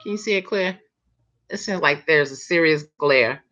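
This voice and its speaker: Woman hosting a live chat, kinda low voice, laughs a lot, muffled lo-fi stream sound. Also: normal speed, fairly bright tone. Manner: chatty, laughs often, talks to viewers. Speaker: live chat host, hairstylist. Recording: dull lo-fi stream audio.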